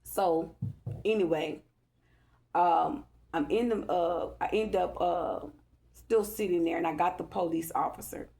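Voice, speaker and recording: A woman's voice: on the low side, fairly even intonation, unhurried, vocal fry, dark tone. A woman talking to her viewers in an agitated, profane, repetitive rant. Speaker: vlogger. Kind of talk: angry rambling monologue to camera.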